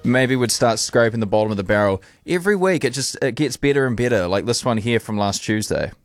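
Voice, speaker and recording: A man's voice: medium pitch, expressive, a little fast, no echo, clean studio sound. A man hosting breakfast radio, chatty and upbeat. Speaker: radio host. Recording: radio broadcast with music.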